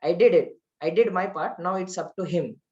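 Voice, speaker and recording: An Indian man voicing a male god who speaks in a wry, knowing way and exclaims loudly. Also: high voice, moderate pace, highs cut off, lightly acted.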